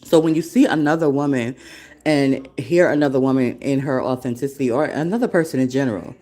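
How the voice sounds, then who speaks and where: This woman's voice is extremely low and warm, and she talks a little fast. In her forties, she founded a café and hosts a casual solo podcast from her desktop computer, rambling, laughing frequently and cursing heavily.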